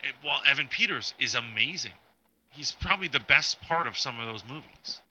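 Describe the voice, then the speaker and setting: A man's voice: medium pitch, lively intonation, brisk, bright, forceful tone, husky, low-quality recording. A man co-hosting a casual pop-culture podcast, talking in a chatty, rambling way about rumors. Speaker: podcast co-host.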